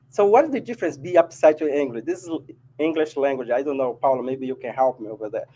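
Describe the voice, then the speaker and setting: A man's voice: a little high, a little fast, darkish tone, low-quality recording. A man with a Brazilian Portuguese accent giving a casual spiritual talk to an audience, often adding "right?". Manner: chatty, keeps asking "right?". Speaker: spiritist speaker. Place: meeting hall of a spiritist society.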